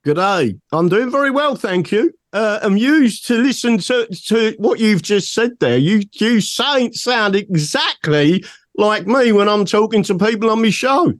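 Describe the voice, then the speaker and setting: A man comes on a radio show as a guest and talks in an amused, halting manner. His voice sits high for a man, and the recording is dry, with no room sound. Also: animated, no room sound.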